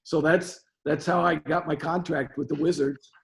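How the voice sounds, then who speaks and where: A man's voice: on the high side, fairly even intonation, normal speed, creaky. An older man, a basketball coach interviewed as a guest, telling long stories, often repeating words and restarting his sentences. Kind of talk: storytelling interview.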